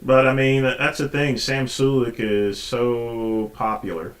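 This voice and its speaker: A man's voice: medium pitch, little pitch movement, slow pace, reverberant. A man hosting a casual reaction stream, commenting on clips with sarcastic, mocking asides. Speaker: host.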